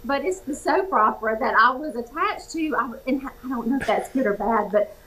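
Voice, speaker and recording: A young woman with a warm Georgia drawl talks as a guest on an interview show. Her voice is bright and sits a little high, and her delivery is lively and cheerful, with easy laughter. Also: moderate pace, poor audio. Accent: Southern US, Georgia. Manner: animated and cheerful, laughs easily. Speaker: actress guest. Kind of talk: casual talk-show interview.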